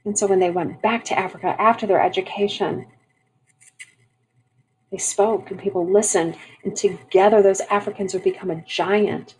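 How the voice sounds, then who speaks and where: A woman's voice: medium pitch, fairly even intonation, normal speed, a little mellow, slight background noise, rough recording. A woman teaching a history lesson, switching between reading a passage aloud and explaining it in a chatty way with fillers and restarts. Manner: conversational, frequent fillers and restarts.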